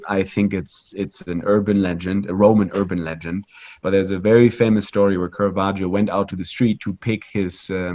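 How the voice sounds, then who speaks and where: Male tour guide with a low register and a casual, filler-heavy delivery. Lo-fi streamed sound. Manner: lively and conversational, with frequent fillers, restarts and "right?" tags. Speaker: virtual pilgrimage tour guide. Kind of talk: live online guided art tour.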